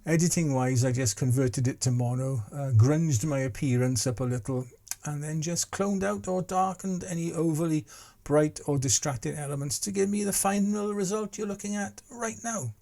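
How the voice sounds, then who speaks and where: A man's voice: a little high, fairly even intonation, normal speed, vocal fry, hardly any pauses, mellow. A man in his sixties chatting casually to camera as a vlogger, rambling and self-deprecating. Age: 60s.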